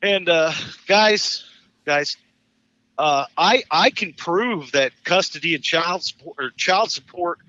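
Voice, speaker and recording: Guy in his 50s telling his divorce court story, high bright voice, swears a lot, trips over his words, dull dry sound. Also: takes it slowly, no room sound. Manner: profane, animated, stumbling restarts, laughs at his own story. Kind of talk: casual storytelling on a live talk show.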